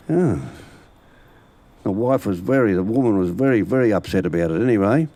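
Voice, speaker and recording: A man's voice: mid-range voice, quick pace, a little mellow, no echo. A man telling jokes to an audience in a folksy, rambling way, chuckling at his own punchlines. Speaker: joke teller.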